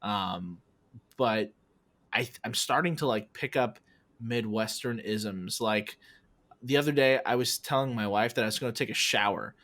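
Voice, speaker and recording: A young man from California, co-hosting a podcast in animated, joking casual chat. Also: lowish voice, a little slow. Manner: animated, joking, laughs often. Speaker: podcast co-host.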